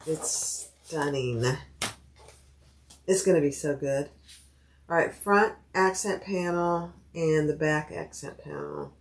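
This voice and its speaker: This woman's voice sits low and has a sing-song quality, and she speaks slowly. Hosting a sewing livestream, she cuts out fabric pieces while chatting casually, thinking out loud, and saying hello to viewers by name.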